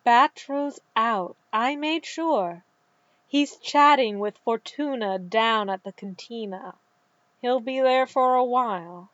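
A woman voicing a cheerful, reckless young man in a storybook reading, in a slightly lowered voice with a dull, dry sound. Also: takes it slowly, a bit bright, dry recording. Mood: gentle.

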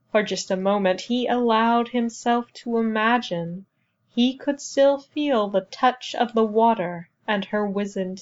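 Slow, measured woman narrating a story. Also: a little high, muffled recording. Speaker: audiobook narrator. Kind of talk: scripted narration.

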